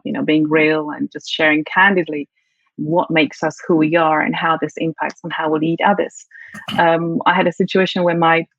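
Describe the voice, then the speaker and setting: A woman's voice: sits low, dry recording. Polish-born woman with British accent. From Poland. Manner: warm, reflective, restarts phrases often. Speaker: guest, CEO and leadership coach. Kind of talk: casual interview chat. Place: at home. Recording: dull, dry video call audio.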